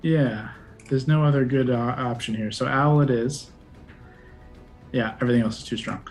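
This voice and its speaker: A man's voice: medium pitch, normal speed, a little mellow, faint music behind. A man running a tabletop role-playing game as game master, thinking aloud and joking as he goes.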